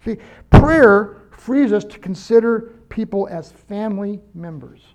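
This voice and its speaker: A man's voice: high-pitched, animated, unhurried. An older man preaching a conversational sermon, earnest and personal, telling stories to make his point. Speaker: pastor.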